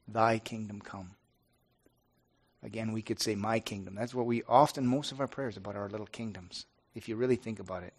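A middle-aged pastor speaking earnestly and haltingly to his congregation, with many restarts. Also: on the low side. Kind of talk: informal devotional talk to a congregation.

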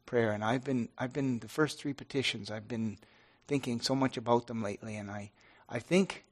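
A middle-aged pastor speaking earnestly and haltingly to his congregation, with many restarts. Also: mid-range voice. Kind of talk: informal devotional talk to a congregation.

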